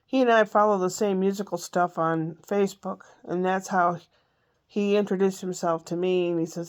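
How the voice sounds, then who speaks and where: A woman's voice: on the low side, fairly even intonation, normal speed, clean tone. A woman vlogging from home in a meandering, chatty way, a little congested with a lingering cough. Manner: chatty, meandering, self-interrupting. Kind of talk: rambling casual chat.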